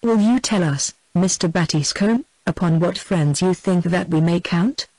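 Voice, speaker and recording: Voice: medium pitch, measured pace, darkish tone, dry recording, natural voice. A reader voicing a careworn, petulant young duke. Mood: impatient. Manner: impatient, irritable. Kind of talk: audiobook character reading.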